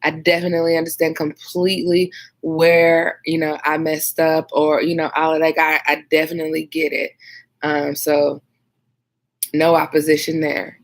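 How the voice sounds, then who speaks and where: A woman's voice: deep voice, completely flat delivery, moderate pace. A tired woman, a dispatcher chatting casually on a storytime livestream, rambling with lots of fillers. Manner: rambling, many fillers, reads viewer comments aloud. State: tired and sleepy. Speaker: 911 dispatcher and video host.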